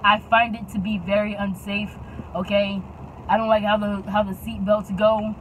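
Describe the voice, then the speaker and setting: A woman's voice: mid-range voice, little pitch movement, normal speed, a little hiss or hum, poor audio. A young woman tells a casual, dramatic storytime and keeps adding "okay?" to drive her points home. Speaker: YouTube storyteller.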